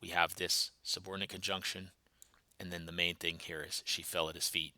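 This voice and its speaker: Man, pastor, thinking-aloud Bible study, explanatory, musing, lowish pitch, dry sound. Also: little pitch movement, brisk, bright, forceful tone, no room sound. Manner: musing, explanatory, works through grammar step by step.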